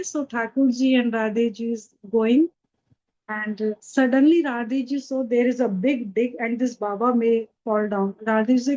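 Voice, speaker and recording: A woman spiritual teacher tells a devotional story in earnest, unhurried narration with simple phrasing. Her voice is high and mellow. The recording is dull and lo-fi. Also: steady tone.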